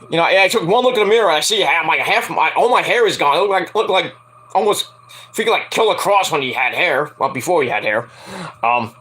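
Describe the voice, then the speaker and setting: A young man casually reviewing a wrestling show, rambling and swearing, acting out quotes in high voices. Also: a bit bright, slightly rough. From Antiguan and Jamaican family. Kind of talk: casual solo review chat.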